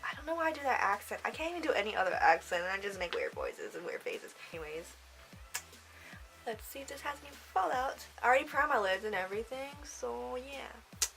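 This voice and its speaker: A woman's voice: a little high, sing-song, fairly quick, vocal fry, a bit bright, faint music behind, poor audio. A young woman giving a casual makeup tutorial, chatty and rambling, often trailing off and giggling to herself. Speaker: makeup vlogger.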